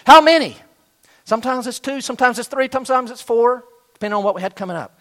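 A man's voice: very high-pitched, very fast, a bit bright. A middle-aged man preaching a sermon, telling a story and acting out the voices of students and their coach. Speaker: pastor.

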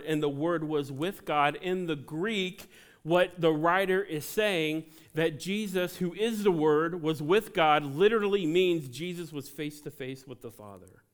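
A man preaching a sermon to a congregation, animated, with joking asides between scripture readings. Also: fairly high pitch. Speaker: pastor.

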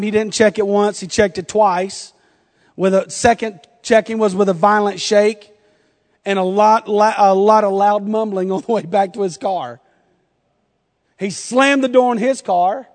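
High-voiced Southern pastor in a hall. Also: male voice. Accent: Southern US, North Carolina. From North Carolina, US. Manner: humorous storytelling with frequent laughter. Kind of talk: sermon.

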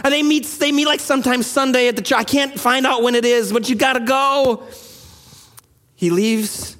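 A man preaching a sermon as a pastor, telling stories in a conversational, animated way. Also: extremely high pitch, normal speed, long reverb tail. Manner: conversational, animated storytelling with rising intensity.

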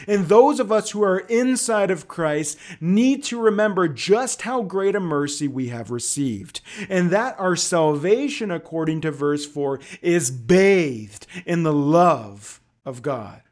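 A man's voice: fairly high pitch, expressive, slow pace, hardly any pauses, darkish tone. A man preaching an emphatic, conversational sermon outdoors at a church service in a park. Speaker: pastor.

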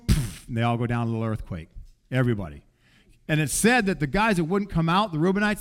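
Conversational man preaching a sermon. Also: medium pitch. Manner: conversational, animated, acts out quoted voices. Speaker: pastor.

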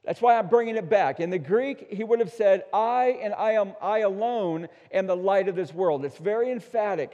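Emphatic preacher man, long hall echo. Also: high-pitched. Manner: emphatic, swings between hushed and loud, slows for weight. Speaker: pastor. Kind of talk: sermon. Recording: dull sound with long hall reverb.

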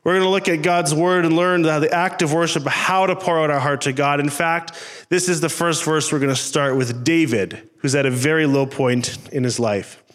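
Man preaching in church, pretty high voice, earnest and pleading, keeps repeating himself. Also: fairly even intonation, normal speed, fairly bright tone. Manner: earnest, pleading, repetitive phrasing. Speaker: pastor. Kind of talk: sermon. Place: church service before a congregation.

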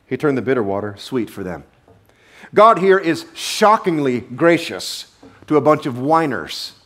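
Animated male preacher, lively pitch. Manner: animated, with sudden drops to a low murmur. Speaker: pastor. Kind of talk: sermon. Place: church sanctuary.

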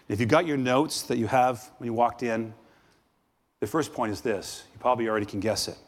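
A man preaching a sermon as a guest preacher, dramatic, swinging from loud exclamations to hushed asides. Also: medium pitch. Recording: long reverb of a large hall.

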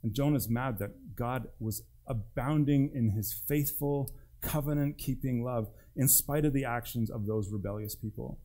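A man's voice: medium pitch, moderate pace, warm tone. A man preaching a sermon as pastor, with an emphatic delivery that swings between rising and dropping.

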